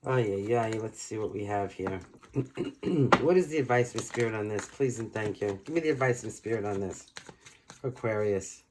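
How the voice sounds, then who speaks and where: A man's voice: fairly low pitch, normal speed, very noisy. A man giving a casual tarot reading, chatty and reassuring, with many fillers. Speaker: tarot reader.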